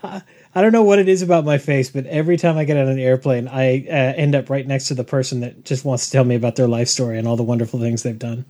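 A man's voice: mid-range voice, fairly even intonation, quick pace, warm tone. A man in his forties co-hosting a podcast in casual chat, wry and playful. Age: 40s. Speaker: podcast co-host.

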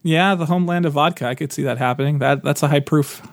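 Jokey, animated male podcast co-host. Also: on the high side, no room sound, clean studio sound. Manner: jokey, animated, quick asides. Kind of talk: casual chat.

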